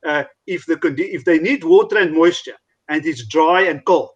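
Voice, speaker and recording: Male expert from South Africa, higher register, hesitant and repetitive, on a muffled lo-fi recording. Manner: halting, repeats words and restarts often. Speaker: meat curing expert. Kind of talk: explanatory interview talk. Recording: dull lo-fi recording.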